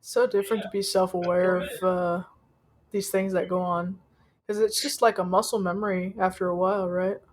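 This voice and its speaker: A woman hosting a casual interview, asking relaxed follow-up questions with a joking touch. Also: on the low side, moderate pace. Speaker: interview host.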